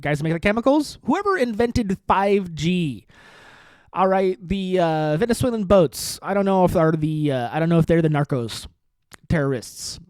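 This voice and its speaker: A man's voice: sits high, expressive, moderate pace, darkish tone, smooth, no echo. A man hosting a podcast, ranting in a rambling, sarcastic and profane way, full of rhetorical questions and repeated phrases. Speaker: podcast host. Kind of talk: casual political rant.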